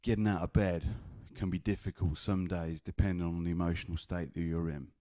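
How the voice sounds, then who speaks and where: Low-voiced English spoken word poet. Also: male voice, fairly even intonation, brisk, mellow, dry recording, studio quality. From England. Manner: rhythmic, chanted delivery of rhymed lines. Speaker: performance poet. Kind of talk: spoken word poetry and storytelling at an open mic.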